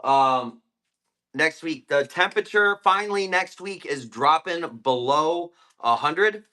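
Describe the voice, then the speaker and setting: A man's voice: a little high, expressive, slow pace, sharp tone. A man selling plants on a live stream, chatting casually and rambling between topics while eating. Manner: rambling, laid-back, eating while talking.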